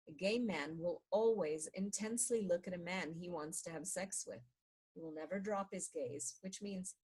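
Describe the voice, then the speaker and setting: A woman reading a book aloud in a measured way, slowing down on repeated chant-like refrains. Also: lowish voice, darkish tone, husky, low-quality recording. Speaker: reader of a book.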